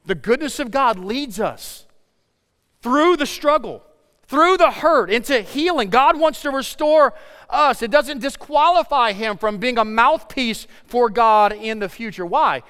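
A man preaching a sermon, telling a story in an animated way and acting out the dialogue. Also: extremely high pitch, unhurried, smooth, in a large hall. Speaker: pastor.

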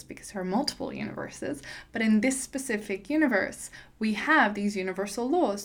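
A woman talking as a spiritual teacher in a casual monologue, earnest and encouraging, her sentences running long and loose. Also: mid-range voice.

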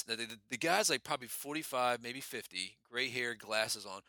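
A man co-hosting a casual podcast, spinning an animated story full of swearing and laughs. His voice is bright and sharp. The room sounds dry and close. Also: medium pitch, moderate pace, few pauses, dry recording. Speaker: podcast co-host.

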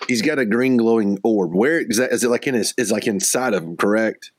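A man's voice: fairly low pitch, brisk. A man playing in a tabletop game, joking around in casual banter with the group. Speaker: player. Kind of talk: casual chat.

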